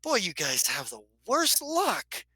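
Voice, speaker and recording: A man voicing a fast-talking male con man in a tabletop game, cocky and breezy. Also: high-pitched, wildly swooping pitch, sharp tone, husky, dry recording, studio quality, heavily acted.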